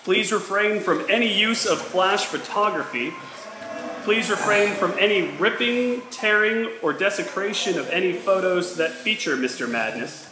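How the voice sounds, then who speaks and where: A man interviewing backstage and reading a formal statement aloud in a measured way, with dry asides. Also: sits high, roomy sound, rough recording.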